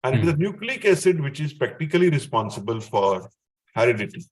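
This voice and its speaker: An Indian man gives a chemistry lesson at a mid pitch. He explains terms slowly and in steps, and he often stops to check that the student is following. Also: very animated. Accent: Indian English. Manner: checks in with the student often, chuckles at his own remarks. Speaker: chemistry teacher. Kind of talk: explanatory classroom lecture.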